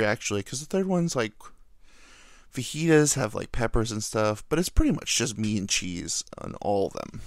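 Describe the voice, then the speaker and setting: A man's voice: mid-range voice, lively intonation, moderate pace, no echo, studio quality. A young man hosting a casual solo podcast, rambling and self-deprecating as he jokes about his life. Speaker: podcast host.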